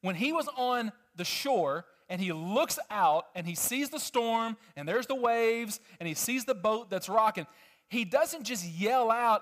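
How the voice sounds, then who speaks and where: Male pastor, high voice, animated sermon, emphatic, questions to the crowd. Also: a little slow. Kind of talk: sermon to a congregation with kids.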